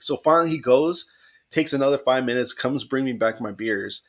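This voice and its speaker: A man co-hosting a casual podcast, telling a story with plenty of swearing. He acts out the other people with quoted voices, his pitch jumping around as he goes. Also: brisk. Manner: animated storytelling, acting out both sides with quoted voices and swearing. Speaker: podcast co-host.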